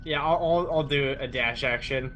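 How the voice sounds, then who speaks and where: Male player, bright voice, giggly, casual. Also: medium pitch, normal speed, dull audio. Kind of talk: casual tabletop game chat.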